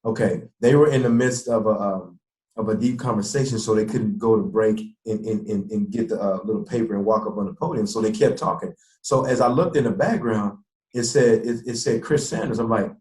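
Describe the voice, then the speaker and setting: A man, a former pro football player, telling animated stories in an interview and acting out the people he quotes. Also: lowish voice, brisk. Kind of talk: interview storytelling. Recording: echoey room.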